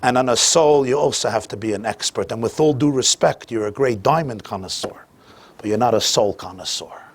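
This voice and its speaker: A man teaching a class as a rabbi, telling a story sprinkled with Yiddish and Hebrew phrases and swinging between quiet asides and loud emphatic bursts. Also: medium pitch, a little fast, breathy edge.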